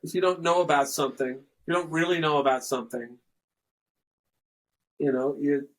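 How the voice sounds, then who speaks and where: An older man chatting casually as an interview guest, rambling and halting with restarts, joking around. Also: a little high. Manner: rambling, halting, jokey, slips into playful accent impressions.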